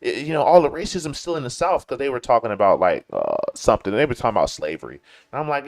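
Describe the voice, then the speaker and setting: A Chicago-born commentary show host now living in Texas talks in a casual, slangy style, repeating points to drive them home. His voice is medium in pitch, sing-song and fast.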